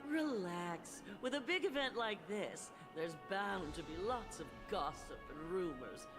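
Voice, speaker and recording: A performer voicing a calm, reassuring festival host in a game, with game music behind. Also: medium pitch, measured pace, lightly acted. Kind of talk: game voice acting.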